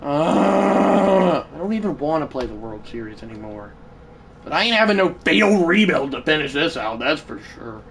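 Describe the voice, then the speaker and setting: Excitable game streamer, animated, easily frustrated, scolds the game out loud. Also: mid-range voice, brisk, a little hiss or hum. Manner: frustrated, excitable, bursts into shouting; talks back to the game. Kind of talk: live gameplay commentary.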